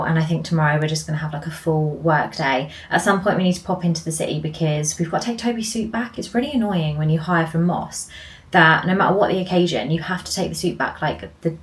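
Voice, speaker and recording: A young woman talks in a relaxed, rambling way, her voice sitting a little low for a woman. She chats casually to a handheld camera at home and keeps reaching for "like" as she goes. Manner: chatty and rambling, fills with "like". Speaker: vlogger. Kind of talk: casual vlog chat to camera.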